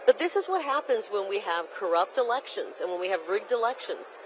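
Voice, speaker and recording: On a poor recording with a little hiss or hum, a woman running for governor answers interview questions in a mid-range, expressive, brisk voice. As the interview guest, she is emphatic and combative, delivering campaign talking points.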